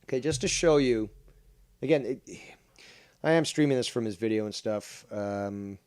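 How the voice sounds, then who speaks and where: A man hosting a livestream talk show in a rambling, profane, animated way. His voice sits in an ordinary middle pitch and sounds dry and close to the mic. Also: normal speed, smooth, no room sound. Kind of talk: casual livestream commentary.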